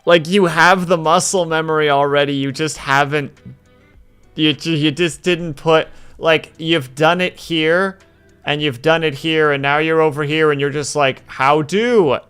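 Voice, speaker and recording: A man's voice: on the high side, steady tone, a little slow, a bit bright, clear, resonant tone, faint music behind. A male streamer chatting casually while drawing, telling rambling stories and teasing his viewers. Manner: rambling anecdotal storytelling; playful teasing.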